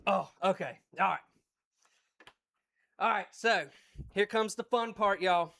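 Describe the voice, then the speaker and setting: An excited man from West Virginia with an Appalachian accent, chatting folksily on a cooking livestream. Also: extremely high pitch, unhurried, gravelly, pauses often. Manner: folksy and exuberant, repeats phrases.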